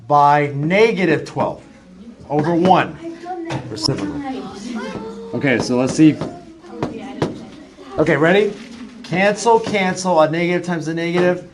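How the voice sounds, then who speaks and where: A man teaching a math class, chatty and self-deprecating, joking with his students. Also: a little high. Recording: noisy classroom recording.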